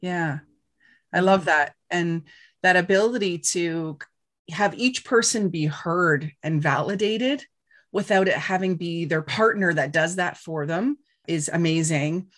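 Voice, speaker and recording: A woman's voice: on the low side, a little slow. A woman hosting a podcast interview, affirming her guest with many short agreements. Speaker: podcast host.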